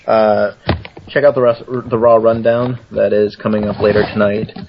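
Gravelly low-voiced man, dry audio. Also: little pitch movement, muffled recording, a little hiss or hum. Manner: self-deprecating, halting restarts. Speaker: guest columnist. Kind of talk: casual radio chat.

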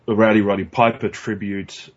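Man, podcast co-host, husky, profane and rambling, muffled lo-fi sound. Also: lowish voice, flat delivery, normal speed. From Australia. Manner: blunt, profane, rambling with restarts. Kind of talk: casual chat. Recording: dull lo-fi recording.

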